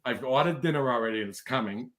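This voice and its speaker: A man's voice: medium pitch, fast, a bit bright. A man, a podcast guest telling stories in casual chat, rambling with many restarts. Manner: rambling, restarts often, bursts into laughter.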